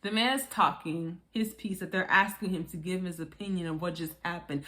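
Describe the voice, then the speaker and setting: A woman giving casual commentary on a reality show, chatty and animated, acting out quotes in high voices and often laughing. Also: a little fast, hardly any pauses. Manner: frequent laughter. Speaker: reality TV reviewer.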